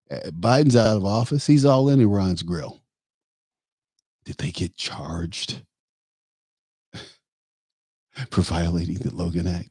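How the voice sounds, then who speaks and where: A man's voice: lowish voice, warm tone, husky, no echo, studio quality. A man hosting a talk show, delivering an emphatic, opinionated political monologue that rambles with fillers. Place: Tampa area.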